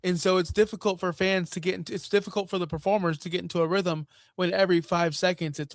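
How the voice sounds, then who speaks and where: A man with a high voice co-hosts a podcast and explains things slowly and deliberately. He sometimes mimics other people in a mocking way, recorded dry and close with no room sound. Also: no room sound. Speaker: podcast co-host. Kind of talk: casual podcast chat.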